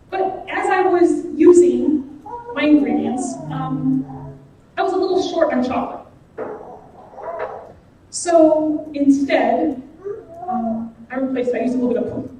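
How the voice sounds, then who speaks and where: A woman's voice: high voice, dark tone. A woman giving a guest sermon in a church, speaking in an earnest, personal way. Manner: earnest and personal, slow and deliberate. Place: church sanctuary. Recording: echoey hall from far off, faint noise.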